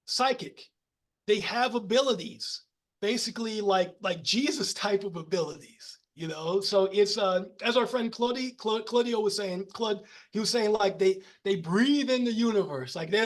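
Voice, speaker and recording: High voiced american guy on a podcast, animated, lots of restarts and laughs. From United States. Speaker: podcast guest. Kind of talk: casual storytelling conversation.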